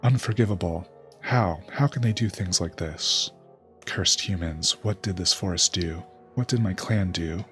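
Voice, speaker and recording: A man's voice: low voice, a little slow, a bit bright, soft background music. A man reading out a proud, grieving male heron prince from a game. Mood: distraught.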